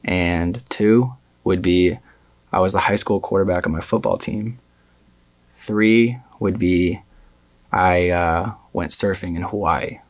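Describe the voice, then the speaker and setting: A young man from Indiana with a very low, deep voice answers interview questions in a loose, unhurried way. He hesitates often and fills the gaps with little pauses and fillers. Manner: laid-back, hesitant with fillers. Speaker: guest musician. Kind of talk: casual interview chat.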